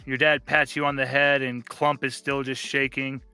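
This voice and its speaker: Brief: male game master, bright and punchy, playful narration, faint music. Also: medium pitch, little pitch movement, normal speed, clean tone, no echo. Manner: playful, laughs while narrating, does character voices.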